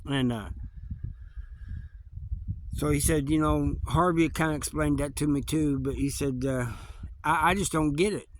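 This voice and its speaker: A man's voice: fairly high pitch, unhurried, pauses often. A man casually retelling a prison story, rambling loosely and repeating "he goes" and "man" as he acts out the exchanges. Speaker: storyteller recounting prison life.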